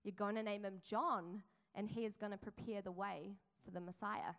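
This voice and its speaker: A woman's voice: mid-range voice, fairly even intonation, normal speed, a bit bright. A woman, preaching a sermon in a chatty storytelling way with asides to the congregation. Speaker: pastor.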